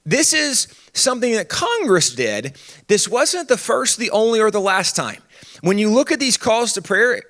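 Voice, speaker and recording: Male conference speaker, higher-pitched, very animated delivery; chatty and funny, throws in quick asides. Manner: humorous, conversational, with quick asides. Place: conference stage.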